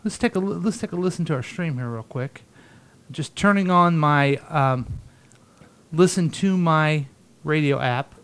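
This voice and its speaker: A man's voice: fairly high pitch, unhurried, a bit bright, clean tone. A man co-hosting a casual radio show, playful and stammering through restarts.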